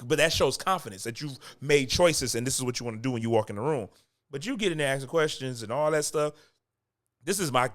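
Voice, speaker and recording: A man with a slightly high, somewhat bright voice gives acting coaching in a casual, conversational talk close to the mic. He repeats his points for emphasis and chuckles between lines.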